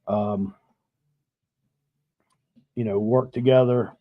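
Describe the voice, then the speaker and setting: Drawing out his words in a steady, lowish voice, a middle-aged man hosting a live stream tells a laid-back, rambling story, swearing freely while he drinks. The dry, dull lo-fi recording carries no room sound.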